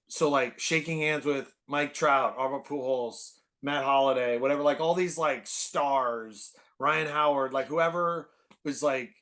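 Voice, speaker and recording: A man in his forties from the Bay Area, a podcast guest telling stories in an animated, rambling way full of "like". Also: medium pitch. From San Francisco Bay Area. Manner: animated, filler-heavy, constant "like". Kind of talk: casual storytelling chat.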